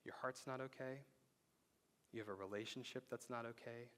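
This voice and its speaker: A man preaching a sermon as pastor, talking conversationally and dropping to a hushed voice for emphasis. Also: medium pitch, steady tone, moderate pace. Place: church sanctuary.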